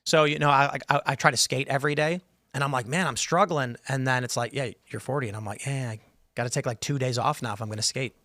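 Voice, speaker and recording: A man in his thirties hosting a casual talk show, rambling and animated as he reads chat questions and mimics AI replies. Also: mid-range voice, fast, no echo. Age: 30s. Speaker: podcast host.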